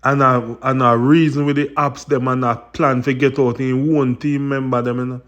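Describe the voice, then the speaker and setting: A man's voice: mid-range voice, flat delivery, normal speed, a bit bright, dull audio. Indignant Jamaican man commenting on clips. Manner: indignant, explaining to viewers in patois. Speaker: commentary host.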